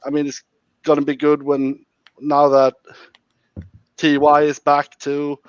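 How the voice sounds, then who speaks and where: A man's voice: on the high side, completely flat delivery, slow, clear, resonant tone, dry recording. A man calling into a live fan stream, chatting casually and thoughtfully with many "I mean"s. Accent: non-American. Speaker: caller. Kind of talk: casual chat. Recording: dull lo-fi call audio.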